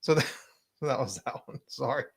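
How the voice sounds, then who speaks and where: With a drawling South Carolina accent, this middle-aged man keeps up easy chatter as host of a casual live stream. He clears his throat a lot and speaks at an ordinary pace in a mid-range voice.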